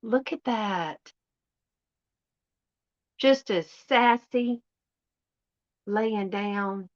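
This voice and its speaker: A middle-aged Southern woman from Louisiana hosts a live unboxing in an unhurried drawl. She talks in a homey, folksy way and often sinks to a near-hush. Her voice sits at a middling pitch, and the live-stream audio sounds a bit muffled. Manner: chatty and folksy, slow, often dropping to a hushed voice. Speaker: channel host. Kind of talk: casual live unboxing chat. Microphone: live stream setup.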